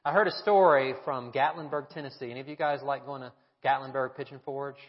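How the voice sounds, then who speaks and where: A man's voice: mid-range voice, steady tone, fairly quick. Man preaching in an echoey hall. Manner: storytelling, asks the congregation rhetorical questions. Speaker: pastor. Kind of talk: sermon. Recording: echoey hall, dull lo-fi sound.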